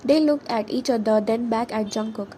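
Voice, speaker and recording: A woman reading her fan fiction story aloud as a narrator, steady with occasional slips. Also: fairly high pitch, brisk, a little hiss or hum, low-quality recording. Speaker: fan fiction author and reader.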